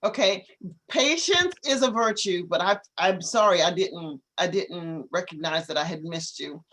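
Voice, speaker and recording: Woman english teacher on a video call, patient, drags words out slow to show how they sound. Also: fairly low pitch, a bit bright. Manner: patient, corrective, models words slowly. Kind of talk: online class coaching.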